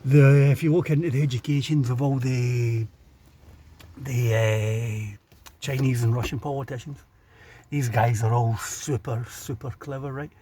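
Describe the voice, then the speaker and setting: A man's voice: mid-range voice, steady tone, a little slow, mellow, slight background noise. A man with a Glasgow accent, chatting sardonically to camera about the street he is filming. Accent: Scottish, Glasgow. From Scotland. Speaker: vlogger. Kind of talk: casual rant while filming a street. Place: outdoors by a city road.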